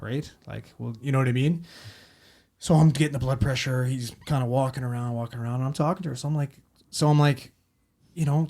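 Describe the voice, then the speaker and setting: A man's voice: mid-range voice, fairly even intonation, fast talker, mellow. Guy swearing nonstop, rambling story, acting out what people said, podcast chat. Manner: profane and rambling, acting out quotes. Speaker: paramedic telling a story.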